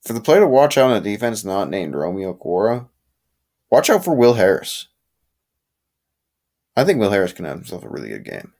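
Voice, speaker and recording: Late at night, a young male livestream host chats casually with viewers in a lowish, slightly mellow voice. He's very animated and brisk yet pauses often, rambling with restarts and opinions while sleepy and yawning.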